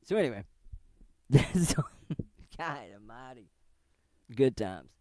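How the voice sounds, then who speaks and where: A man's voice: medium pitch, big pitch swings, takes it slowly, dark tone. A middle-aged man giving casual, profane commentary on online drama, rambling and laughing often as he talks. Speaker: commentary streamer.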